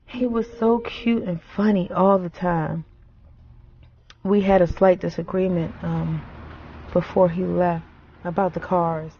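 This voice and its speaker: Brief: a grieving wife, low-pitched, halting and reflective, on a dull recording with light hiss. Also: female voice, steady tone. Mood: wistful. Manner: reflective, halting, soft-spoken. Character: grieving wife remembering her late husband. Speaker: grieving widow. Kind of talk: film monologue.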